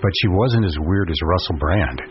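A male radio co-host with a very deep voice that still moves around a lot in pitch. He chats casually, tossing in dry one-liners and quick replies. The sound is slightly dull, with faint hiss. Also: lively intonation. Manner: dry wisecracks and short replies. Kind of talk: casual chat. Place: radio studio.

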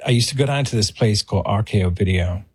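A middle-aged man telling an animated anecdote on a podcast and acting out the voices in his story. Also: lowish voice, fast talker, slightly rough, no room sound, clean studio sound.

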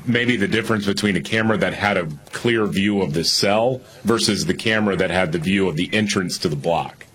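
A man's voice: low-pitched, a little fast, a bit bright, slight background noise. A man co-hosting a talk radio show, counting down news headlines with wry asides and laughter. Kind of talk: casual political talk radio banter.

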